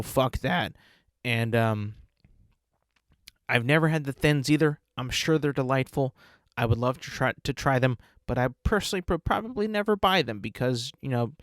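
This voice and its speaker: Male podcast host, mid-pitched, rambling, playful, dry close sound. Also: no echo. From United States. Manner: rambling, playful, savoring food talk. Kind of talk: casual solo podcast monologue.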